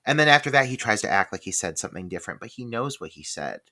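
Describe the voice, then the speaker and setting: A man's voice: fairly low pitch, big pitch swings, quick pace, bright, forceful tone. A man co-hosting a film podcast, talking casually and swearing freely. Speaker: podcast co-host.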